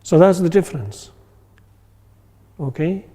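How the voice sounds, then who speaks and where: A man leads a meditation class in a relaxed, chatty way, often asking whether his listeners follow. His voice is mellow and sits a little high for a man. A long reverb trails his words, as if he were speaking in a hall. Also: slow, slightly rough. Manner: conversational, many fillers, acts out inner voices. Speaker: meditation teacher. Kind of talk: informal class talk.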